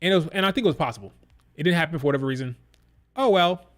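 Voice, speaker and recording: A man's voice: on the high side, animated, racing. A man hosting a wrestling review stream, ranting in a blunt, exasperated way and swearing casually.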